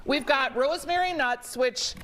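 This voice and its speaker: A woman's voice: sits high, normal speed, very noisy. Chatty woman showing holiday snacks. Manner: chatty, explaining products. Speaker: food segment guest. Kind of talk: product demo chat. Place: TV studio.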